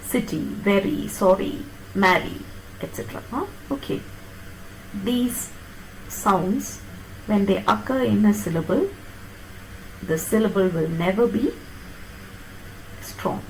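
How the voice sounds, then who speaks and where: A woman lecturing on phonetics, explaining step by step and checking that her students follow with quick tag questions. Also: mid-range voice, a little mellow, slight background noise, low-quality recording. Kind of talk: classroom lecture on pronunciation.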